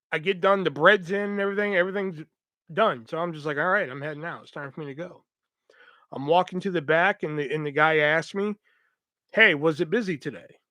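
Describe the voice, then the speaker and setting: A man's voice: sits high, a bit bright, dry recording. Profane, rambling male storyteller, dry sound. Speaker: podcast host. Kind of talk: casual storytelling.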